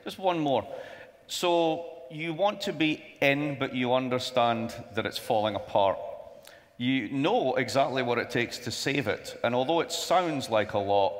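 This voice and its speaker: A man's voice: medium pitch, a little slow. A man moderating a conference panel, conversational and wry, with asides. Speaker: moderator, professor. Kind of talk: onstage panel interview. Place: large conference hall. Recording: long hall reverb.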